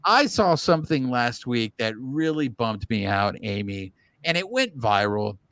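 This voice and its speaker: A man talks baseball in a loose, animated way, circling back and restarting his thoughts as he goes. His voice sits at an ordinary middle pitch. The sound is dry and close, with no room echo. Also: unhurried. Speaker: podcast co-host. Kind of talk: casual sports chat.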